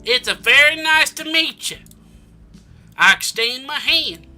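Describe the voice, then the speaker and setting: Slow-talking man with a wobbly put-on accent. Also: very high-pitched, animated, bright, forceful tone, soft background music. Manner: rambling, joking in a shifting put-on accent. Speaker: gaming channel host. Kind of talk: comic game playthrough reading.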